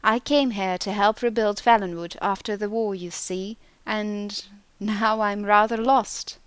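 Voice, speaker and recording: A woman's voice: mid-range voice, steady tone, a little slow, smooth, no room sound, lightly acted. A woman voicing a lost, courteous male clerk who speaks earnestly.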